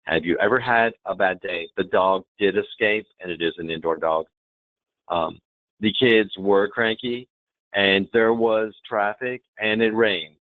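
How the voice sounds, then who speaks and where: A man presenting a hospitality training webinar, demonstrative and lively, often checking in with the audience. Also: lowish voice, a little slow, dry recording. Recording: tinny phone-like webinar audio.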